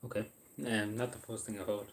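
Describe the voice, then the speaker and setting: A man's voice: fairly low pitch, level tone, brisk. Rambling Irish man on a live stream. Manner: rambling, many ums and restarts; eats while talking. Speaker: livestreamer reading chat. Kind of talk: casual live-stream chat.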